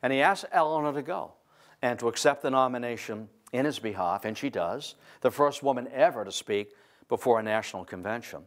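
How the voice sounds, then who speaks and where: A man lecturing on history to an audience, telling it as a lively, digressive story. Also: medium pitch, brisk. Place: library event room.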